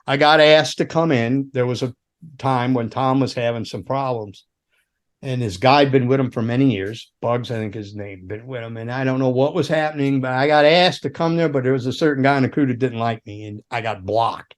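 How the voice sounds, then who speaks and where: A middle-aged man, a former roadie and guitar tech, telling long rambling stories in casual chat, swearing often and laughing along, jumping into sudden high voices to act out the people in them. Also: brisk. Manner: rambling, profane, laughs through his stories.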